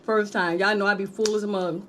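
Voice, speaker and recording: A woman's voice: mid-range voice, fairly even intonation, a little fast, noisy background. A woman vlogging a mukbang in a casual, chatty way, calling her viewers "honey" and "y'all" between bites. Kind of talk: casual chat while eating.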